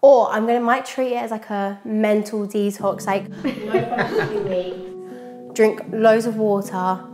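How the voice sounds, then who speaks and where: A woman's voice: medium pitch, steady tone, slow, pauses often, over music. A young British woman, a reality show contestant, chatting to camera in a bubbly, rambling way. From Britain. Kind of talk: casual chat to camera.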